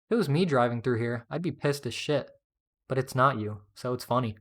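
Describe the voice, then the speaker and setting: A man's voice: medium pitch, a little fast, lightly acted. Cocky teen prankster, loose joking drawl, read by a man narrating. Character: reckless teenage boy, cocky prankster.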